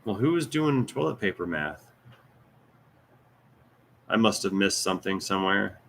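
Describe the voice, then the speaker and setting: Floridian mechanic guy rambling and cracking jokes, lowish pitch, bright forceful tone, bit of background hiss. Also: animated, unhurried, creaky. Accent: Floridian Southern. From American South. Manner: rambling, joking, chatty. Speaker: mechanic and channel host. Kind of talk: casual livestream Q&A chat.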